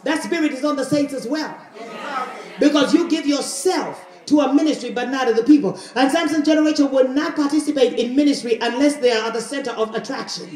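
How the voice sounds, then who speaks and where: Woman pastor, fiery sermon, shouting call-and-response, roomy echo. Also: sits high, a little fast. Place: church sanctuary with congregation. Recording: echoey church with crowd.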